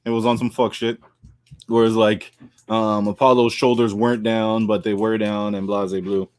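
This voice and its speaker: A man's voice: lowish voice, flat delivery, normal speed, dry recording. A man co-hosting a casual wrestling podcast, chatty and joking as he talks through the week's matches. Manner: joking, chatty, drops into put-on accents. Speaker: podcast co-host.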